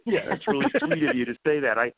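A man's voice: mid-range voice, big pitch swings, quick pace, a loud crowd. A male author and guest, reading his book aloud dramatically and then chatting in an enthusiastic, rambling way. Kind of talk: casual chat and dramatic reading. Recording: dry, phone-like sound.

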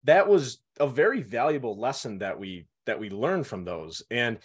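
A young man in casual conversation, co-hosting and telling childhood stories with animated, acted-out quotes. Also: medium pitch, normal speed, slightly rough. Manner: animated storytelling, acts out quotes.

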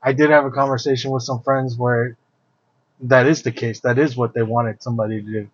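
A man talks things through on a casual podcast, reflective and full of ums as he works out his point. His voice sits at an ordinary middle pitch. The sound is dry and a little dull. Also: fairly even intonation, a little fast, breathy edge, no room sound. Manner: thinking aloud, reflective, with fillers. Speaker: podcast co-host. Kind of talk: casual chat.

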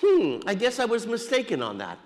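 A man's voice: high voice, wildly swooping pitch, fairly quick, voice pushed up. A sly male devil feigns innocent bewilderment in a thin, raised voice, done by a man in a sermon. The words ring out with a long echo, as in a large church. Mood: mock puzzled.

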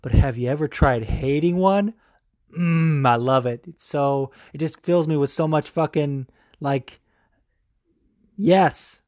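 A young adult man hosting a show, ranting with a profane, salty and animated delivery and frequent fillers. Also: a little high, slow pace, dry recording, studio quality. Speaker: show host. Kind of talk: profane opinion rant.

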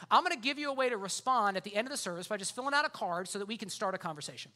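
A man's voice: high-pitched, lively intonation, fast, pushed and bright. A man preaching a sermon as pastor, in a casual, conversational way full of fillers.

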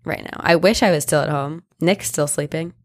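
A young woman with laryngitis talks hoarsely in a lowish voice, telling stories with lots of giggles. Her sound is dry and close to the mic. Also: normal speed, dry recording. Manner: giggly, animated storyteller. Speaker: podcast co-host. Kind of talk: casual chat.

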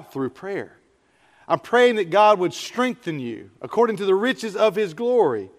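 Middle-aged pastor, high voice, earnest conversational sermon, long church reverb. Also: male voice. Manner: earnest, conversational preaching with prayerful asides. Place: church sanctuary.

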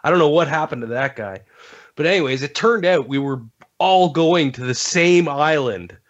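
A man's voice: fairly high pitch, normal speed. A man, a podcast guest, chatting casually about games and rambling through stories with lots of fillers and restarts. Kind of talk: casual gaming chat. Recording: dull lo-fi sound.

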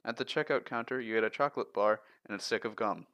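A man co-hosting a casual podcast, reading long riddles aloud in a steady listing way. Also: lowish voice, quick pace, dry recording, muffled recording. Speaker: podcast co-host.

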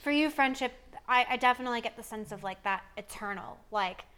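A woman with a slightly high voice speaks in a casual podcast chat. She is supportive and emphatic, reassuring the others with steady warmth of phrasing. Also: fairly quick, clear, resonant tone.

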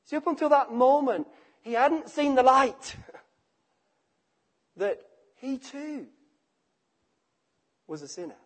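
A man. He stresses points with repetition and lets sentences trail off softly. His delivery is emphatic and direct. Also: extremely high pitch, very animated, slow, pauses often. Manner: emphatic, repeats phrases, drops to quiet endings. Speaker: preacher. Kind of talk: sermon.

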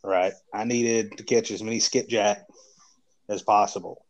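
A man's voice: on the low side, fairly even intonation, measured pace, lo-fi sound. A tired man from the Southeastern US, co-hosting a casual podcast and telling a rambling story that trails off and restarts. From Southeastern United States. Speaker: podcast co-host.

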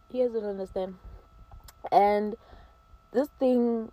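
A woman's voice: medium pitch, fairly even intonation, unhurried, pauses often, warm tone, low-quality recording. A teenage girl giving emphatic, preachy advice straight to camera, slipping into mocking quoted voices. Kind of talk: casual advice monologue to camera.

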